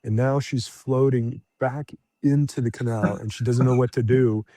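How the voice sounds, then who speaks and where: A man's voice: mid-range voice, moderate pace, dry recording. A middle-aged man, a podcast guest, telling a travel story casually with lots of fillers and restarts. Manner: animated anecdote teller, acts out shouted quotes.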